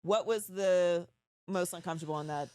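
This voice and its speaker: A woman hosting a casual interview, asking curious, quick follow-up questions. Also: fairly low pitch, dark tone, smooth, dry recording, clean studio sound. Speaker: host.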